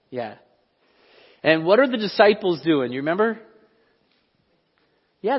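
Animated preacher in an echoing hall. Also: male voice, fairly high pitch. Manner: conversational, animated, asks the audience questions. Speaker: pastor. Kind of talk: sermon. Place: church hall. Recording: dull, lo-fi recording in a reverberant hall.

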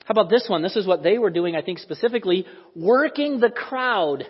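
High-voiced pastor in an echoey hall. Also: male voice, animated, fairly quick, husky. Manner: conversational storytelling, acts out quoted voices. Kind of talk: sermon. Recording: echoey hall, dull lo-fi sound.

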